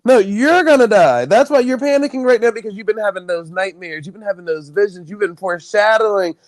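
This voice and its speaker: A man's voice: high-pitched, fast talker, no room sound. A man hosting a casual livestream, ranting bluntly and profanely about a panel discussion. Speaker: stream host.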